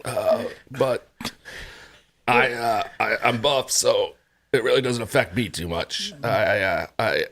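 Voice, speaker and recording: A man with a lowish voice co-hosts a loose, joking chat. He jokes in a halting way, restarting his sentences as he goes. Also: fairly bright tone. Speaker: co-host. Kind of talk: casual banter.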